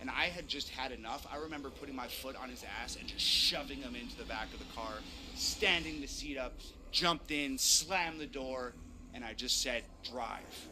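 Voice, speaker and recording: A man's voice: medium pitch, moderate pace, noisy background. A man telling a dramatic first-person ghost story, building tension as he goes. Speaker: storyteller recounting a ghost encounter.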